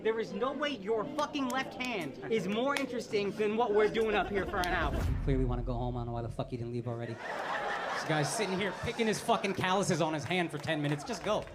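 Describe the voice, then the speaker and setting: A stand-up comedian doing profane, mocking crowd work in a live club recording. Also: male voice, sits high, animated, fast.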